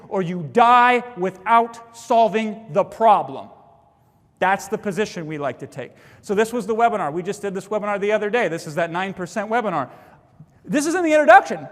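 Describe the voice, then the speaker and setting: A man teaching sales techniques at a live seminar, punchy and emphatic, often acting out his own pitch lines. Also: big-room sound. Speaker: sales trainer.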